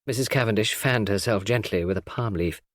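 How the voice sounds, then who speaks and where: A man narrating a classic novel in a measured storytelling read. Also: on the low side, dry recording, clean studio sound. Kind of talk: audiobook narration.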